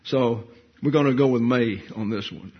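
A man's voice: medium pitch, moderate pace, slightly rough. A man teaching a verse-by-verse Bible lecture, digressive, with wry asides and thinking aloud between points. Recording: dull lo-fi lecture recording.

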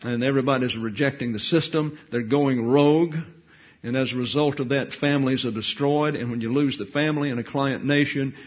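A man teaching a Bible study in sermon style, reading scripture aloud with deliberate emphasis. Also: medium pitch, dull audio.

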